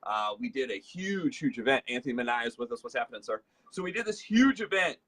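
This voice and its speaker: A chatty man hosts a casual leadership talk in a bright, slightly husky voice that is medium in pitch, very animated, and fast. He tells stories loosely with plenty of fillers, acting out the lines of the people in them.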